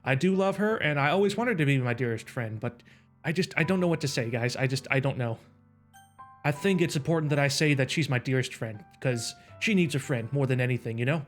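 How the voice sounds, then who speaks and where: A man's voice: mid-range voice, animated, brisk, faint music behind. A young man hosting a casual let's play, rambling emotionally with lots of "you know"s. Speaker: gaming channel host.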